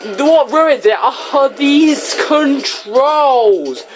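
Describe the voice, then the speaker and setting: A woman's voice: high voice, animated, drawn-out words, faint music behind. A woman giving a casual video game review, sarcastic and ranting, full of rhetorical questions and exasperated asides.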